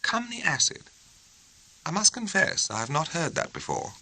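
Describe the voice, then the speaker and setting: A man's voice: a little high, huge pitch swings, normal speed, sharp tone, voice pushed up, heavily acted, rough recording. A man voicing a grave, courteous and very formal young naval officer, speaking precisely in an audiobook reading. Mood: formal puzzled.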